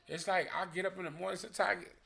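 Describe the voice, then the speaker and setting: Guy with a higher gravelly voice, bright tone, chatty and animated co-host. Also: very fast, crowd noise. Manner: animated, acts out his partner's questions. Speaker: podcast co-host. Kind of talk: casual group chat.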